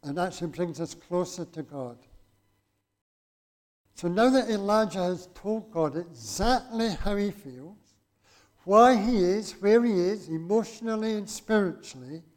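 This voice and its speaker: A man preaching to a congregation in a rather high voice. He reads scripture aloud and talks in a conversational way, turning to the listeners with rhetorical questions. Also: lively intonation, a little slow, a little mellow. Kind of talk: sermon with scripture reading.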